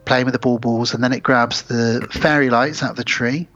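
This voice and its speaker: A man's voice: mid-range voice, fairly even intonation, normal speed, fairly bright tone, dry recording. A man, co-hosting a podcast, who casually retells film scenes in detail. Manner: retells scenes, often quoting characters. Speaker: podcast co-host. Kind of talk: casual film recap chat. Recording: slightly dull podcast audio with faint music.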